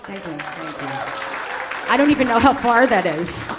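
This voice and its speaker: A woman's voice: mid-range voice, expressive, moderate pace. A woman in her forties, a stand-up comedian doing brash, profane, teasing crowd work on a club stage. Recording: live club with audience laughter and noise.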